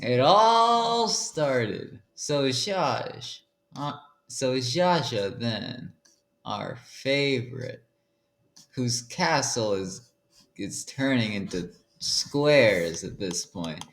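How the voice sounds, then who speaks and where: Very deep, slow woman host rambling through improv, echoey room. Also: expressive. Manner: rambling, giggly, self-correcting. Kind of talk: improvised comedic storytelling.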